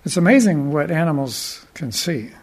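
A man with a fairly high voice preaches a sermon, retelling a Bible story. He talks deliberately and drifts into thoughtful asides. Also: animated, breathy edge.

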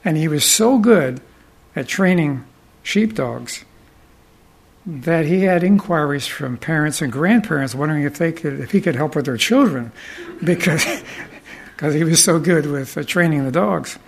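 A man with a slightly high, gravelly voice tells rambling, folksy stories. He pauses often and restarts his sentences, keeping an easy storytelling pace. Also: animated. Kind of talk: anecdotal storytelling talk.

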